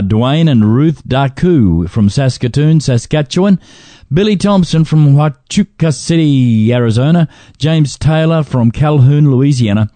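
A man's voice: medium pitch, dark tone, no room sound. A man co-hosting a ministry radio show, reading a list of donors and joking as he stumbles over names.

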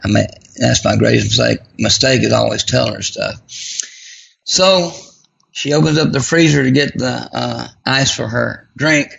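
Gravelly-voiced man telling a folksy story. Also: medium pitch, normal speed, a bit bright, highs cut off. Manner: folksy, self-deprecating humor. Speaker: guest. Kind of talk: personal storytelling.

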